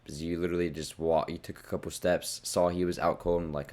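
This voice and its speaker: A young man with a low voice tears through a casual fight recap, blunt and profane. He gets heated and loud at times, and his voice sounds a bit worn from shouting. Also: little pitch movement, brisk. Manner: blunt, profane, worked-up rants. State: losing his voice. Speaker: fight reviewer.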